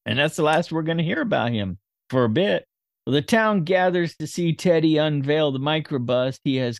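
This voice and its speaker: A man hosting a podcast, summarizing a movie plot scene by scene in a steady, informal way. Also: a little high, no room sound, studio quality.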